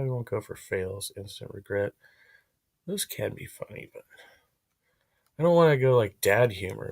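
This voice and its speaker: A man's voice: medium pitch, a little mellow. A man hosting a casual livestream chat, rambling and self-deprecating, filling his talk with "you know" and "like". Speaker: livestream host.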